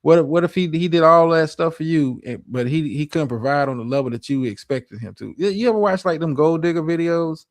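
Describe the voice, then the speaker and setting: A man hosting a livestream talks in a higher, gravelly voice. He swears a lot, restarts his sentences and lectures his audience on dating. The sound is dry and close. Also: a little fast, few pauses, dry recording. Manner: profane, stammering restarts, preachy advice. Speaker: streamer host. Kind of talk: livestream reaction commentary.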